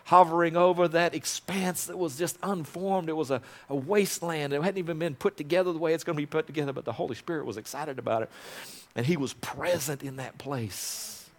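Preaching man swinging from loud to soft. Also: fairly high pitch, fairly quick. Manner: dynamic swings from loud prayer to soft intimate asides; calls congregation to repeat after him. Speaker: pastor. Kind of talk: sermon with prayer.

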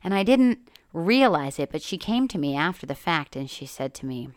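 A life coach talks casually on her own solo podcast, candid and chatty, swearing freely and laughing often. Her voice is low and very animated at a normal speed, recorded cleanly in a studio with no echo.

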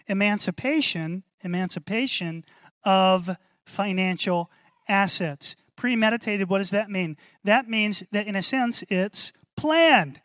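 A man preaching a sermon to a congregation, animated, repeating key phrases and calling for responses. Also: sits high, a little slow, no echo, clean studio sound. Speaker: pastor.

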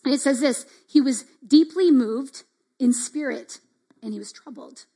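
A middle-aged woman with a high voice leads a devotional teaching talk. She speaks casually, leaning on asides like "like" and "right?". She acts out the little reactions she describes. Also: unhurried, dark tone, slightly rough. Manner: conversational, fillers like "like" and "right?". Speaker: church speaker.

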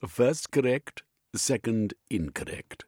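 A man's voice: mid-range voice, expressive, takes it slowly, darkish tone, husky, no echo, studio quality, voice pushed up. A man reading an audiobook, voicing a sly, cruel male villain who talks in a gloating, commanding way. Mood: mocking.

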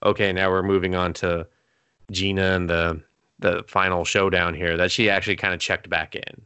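A young adult man co-hosting a casual movie talk, loose and profane with quick asides. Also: deep voice, little pitch movement, bright, forceful tone, clean tone, no room sound. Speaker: podcast co-host. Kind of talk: casual chat.

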